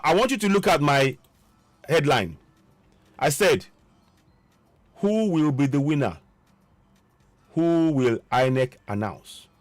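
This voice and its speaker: A man delivering an impassioned political monologue, forceful and repetitive, with a preaching cadence. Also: a little high, no echo. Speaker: political commentator.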